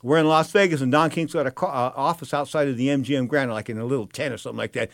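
A man's voice: mid-range voice, very fast, vocal fry, dry recording, clean studio sound. A man telling rambling, casual anecdotes, often circling back with "bottom line is" and throwing in asides. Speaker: storyteller.

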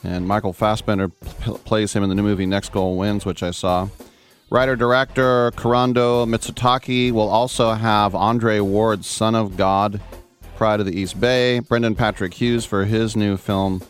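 A man's voice: lowish voice, flat delivery, faint music behind. Jokey man hosting sports radio. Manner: jokey, exuberant, quick asides. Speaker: host. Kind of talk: lively sports radio talk.

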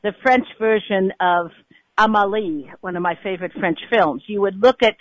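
A woman's voice: medium pitch, moderate pace, dry recording, dull audio. A woman radio host eagerly asking her guest questions in casual chat. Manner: curious, asks eager questions.

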